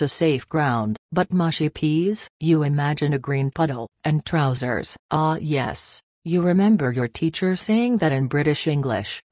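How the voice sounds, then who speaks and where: A woman's voice: low-pitched, darkish tone, no room sound, clean studio sound. A woman narrating a second-person story for English learners in a wry, playful scripted style.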